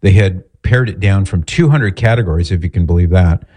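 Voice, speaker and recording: A man's voice: low voice, brisk, darkish tone. A man hosting a morning radio talk show, talking casually with fillers and small restarts.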